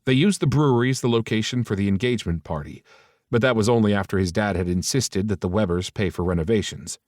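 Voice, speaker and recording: A man narrating a romance audiobook in a steady, even reading style. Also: on the low side, no room sound, clean studio sound.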